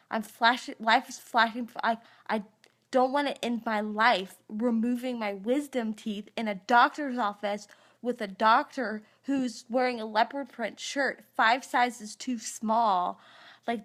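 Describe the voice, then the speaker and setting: A woman's voice: fairly high pitch, fairly bright tone. A woman in her thirties, groggy after dental surgery, telling a rambling story in a casual live stream. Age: 30s. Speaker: vlogger. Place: live stream recorded on a phone.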